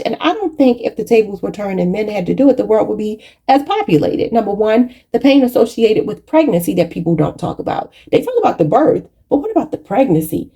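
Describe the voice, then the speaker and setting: A woman's voice: medium pitch, warm tone, husky. A woman giving a channeled tarot reading in a preachy, spiritual way, often calling her viewers "y'all". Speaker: tarot reader.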